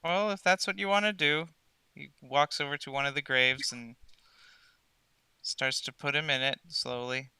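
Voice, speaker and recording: A man narrating as game master, asking dry, deadpan questions. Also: medium pitch, normal speed, clean tone, no echo.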